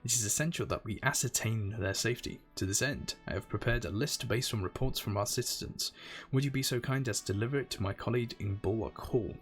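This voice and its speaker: Polite formal game official, low-pitched reading, done by a man. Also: fast talker, faint music behind, natural voice. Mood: concerned.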